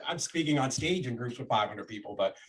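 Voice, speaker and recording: A man's voice: mid-range voice, expressive, brisk, fairly bright tone. Guy telling a long story on a podcast, voice jumps around a lot, acts out the quotes, lots of restarts. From Florida, USA. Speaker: real estate investor and guest. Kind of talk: casual storytelling in an interview.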